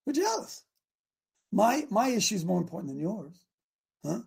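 Host, male, gravelly and husky, fiery preacher energy, shouts then drops low. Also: expressive, fairly quick. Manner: exhorting, swings from shouts to quiet asides. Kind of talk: fiery preaching talk show.

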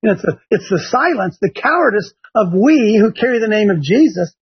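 A man's voice: high voice, sing-song, a little fast, slightly rough. An older man from Ohio hosting a religious talk show, emphatic and repeating his points for effect. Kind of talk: preachy talk-show commentary. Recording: dull lo-fi sound.

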